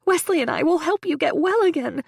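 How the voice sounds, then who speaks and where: A woman doing a shrill, over-the-top young woman, gushing and tearful, her high drawn-out words cracking into fry. The voice sits in a dry, close recording with no room around it. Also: expressive, no echo, exaggerated voice.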